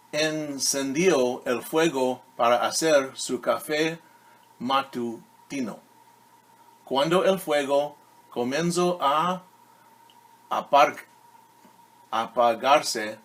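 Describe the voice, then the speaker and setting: Reading a children's story aloud, this male teacher has a medium-pitched, fairly bright voice. He takes his time, stays patient and addresses the children directly.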